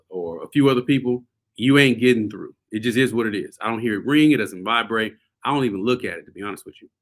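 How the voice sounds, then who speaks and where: A man hosting a show, telling a story casually to his viewers, animated and laughing often. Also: medium pitch. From US South. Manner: animated, laughing often, addresses audience as y'all. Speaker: host.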